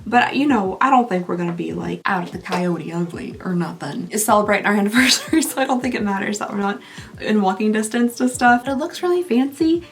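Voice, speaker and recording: A woman's voice: mid-range voice, expressive, a little fast. A woman, chatting casually while doing her makeup. She rambles and laughs often, and her voice is getting tired. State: losing her voice. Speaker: beauty vlogger.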